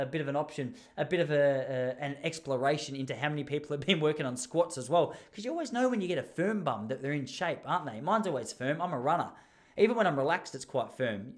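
Rambling, jokey Australian man. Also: a little high. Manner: rambling, jokey, animated storytelling with laughs. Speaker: podcast host. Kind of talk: casual chat.

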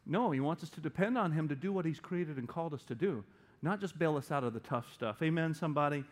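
A middle-aged man preaching a sermon as pastor, animated and playful, slipping into quick put-on voices. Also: a little high.

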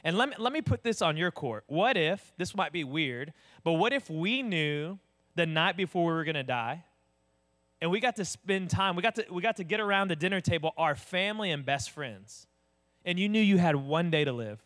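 A man's voice: on the high side, expressive, moderate pace, fairly bright tone. A man preaching a sermon, conversational and direct, asking the congregation questions. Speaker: pastor.

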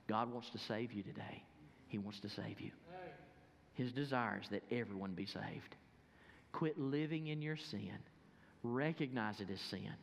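A pastor preaching with insistent conviction, his voice sitting in an ordinary middle register. It rings out in a church sanctuary, trailed by the long reverb of the hall. He leans hard on repeated appeals, then drops to a hush when he turns to prayer. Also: mid-range voice. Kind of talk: sermon.

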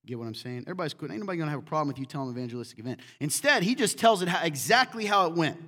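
A man preaching a sermon in a church, animated and acting out quotes in different voices. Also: a little high, racing, hardly any pauses. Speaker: pastor.

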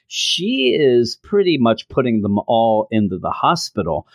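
A man's voice: mid-range voice, huge pitch swings, a little slow, no room sound, clean studio sound. A middle-aged man casually reviewing a comic book, enthusiastic and rambling with frequent restarts.

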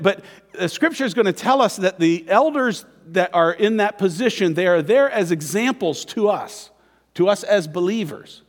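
Lively high-voiced man preaching. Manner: conversational preaching with tag questions; acts out quoted voices in dialogue. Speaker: pastor. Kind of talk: sermon. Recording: long hall reverb.

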